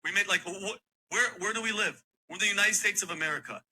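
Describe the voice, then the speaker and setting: Man, podcast guest, blunt and emphatic, very bright tense voice, slightly high. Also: quick pace, poor audio. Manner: blunt, emphatic, stumbling in anger. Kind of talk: podcast debate.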